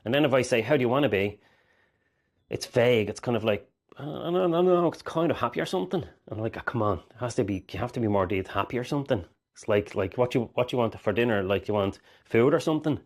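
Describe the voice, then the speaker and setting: Low-voiced man coaching in a rambling way. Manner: earnest, rambling, with restarts and acted-out inner voices. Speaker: mindset coach. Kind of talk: direct-to-camera coaching talk.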